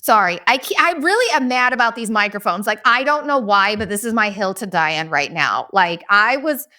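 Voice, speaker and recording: A woman in her forties hosts a podcast, delivering a casual comedic storytelling monologue in a blunt, profane, ranting style. Her medium-pitched voice is bright, expressive, and forceful, at a moderate pace.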